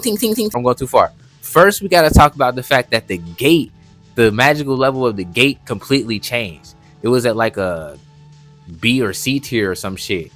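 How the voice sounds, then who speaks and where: A man recapping an anime episode in casual, animated commentary, full of slang and jokes. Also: medium pitch. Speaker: anime reviewer.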